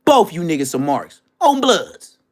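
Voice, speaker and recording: A man hosting a livestream, telling stories in a brash, profane way, dropping to hushed asides and then bursting out loudly. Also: on the high side, sing-song, a little slow. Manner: brash, profane, swings between hushed asides and loud outbursts; storytelling with boasts and street slang. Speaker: livestream host. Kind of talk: casual profane livestream rant.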